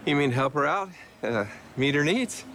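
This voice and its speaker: An actor playing a busy, evasive male pastor in a comedy skit, offhand and deadpan. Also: fairly high pitch, moderate pace, low-quality recording. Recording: skit video with background noise.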